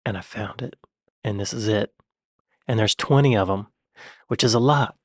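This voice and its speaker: A man's voice: fairly low pitch, normal speed, pauses often, darkish tone, dry recording, clean studio sound. Joking American man hosting reactions. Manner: joking, self-mocking. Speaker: reaction video host. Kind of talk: casual chat.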